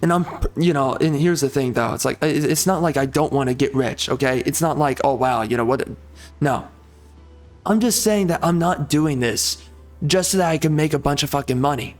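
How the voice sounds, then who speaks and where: A young man rants to his audience, swearing and circling back over the same complaints. His voice sits a little high for a man. Faint music plays underneath him. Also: normal speed, darkish tone. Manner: profane, heated, repetitive. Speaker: gaming YouTuber. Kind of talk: angry rant to camera.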